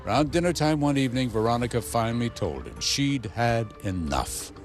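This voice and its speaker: A man's voice: medium pitch, animated, moderate pace. A man narrating a news story in a dramatic, scripted style. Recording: music bed underneath.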